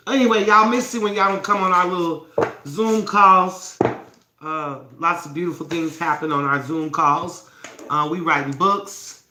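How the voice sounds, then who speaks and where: A woman with a deep, sharp-toned voice hosts a self-love challenge as a casual morning phone livestream. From a room lit with candles, she's playful and affectionate, addressing her viewers as babies, while the room echoes and faint noise sits in the background.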